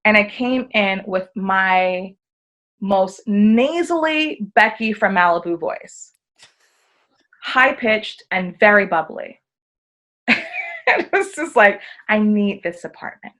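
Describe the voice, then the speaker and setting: Speaking slowly with long pauses, this American woman has a mid-range voice. She's a guest on a podcast, relaxed and animated as she tells stories and acts out what people said.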